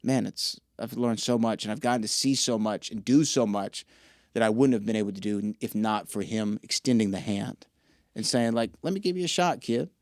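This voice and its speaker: A young man with a fairly low voice speaks at a moderate pace in clean studio audio with no room sound. He's a podcast guest and wrestling ring announcer, telling stories in a casual interview as an animated storyteller who acts out quoted dialogue.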